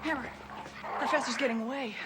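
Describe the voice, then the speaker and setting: A woman's voice: high voice, steady tone, a little fast, very noisy, close to an everyday voice. An actress playing a firm, level-headed female police detective who reasons things out.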